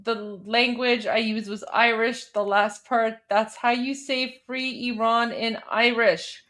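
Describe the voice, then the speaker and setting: A woman's voice: a little high, steady tone, fairly bright tone. Upbeat chatty woman co-host. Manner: upbeat, chatty, quick asides. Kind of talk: casual livestream chat.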